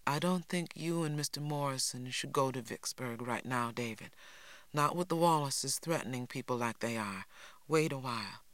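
A man reading an audiobook, voicing a stern, worried rural mother with a sharp, clipped manner. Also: mid-range voice, moderate pace, dry recording, lightly acted.

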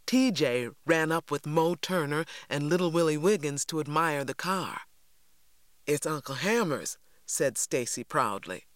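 A man's voice: fairly high pitch, a bit bright, no echo, clean studio sound. Man reading a storybook aloud. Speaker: audiobook narrator. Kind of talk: first-person storybook narration.

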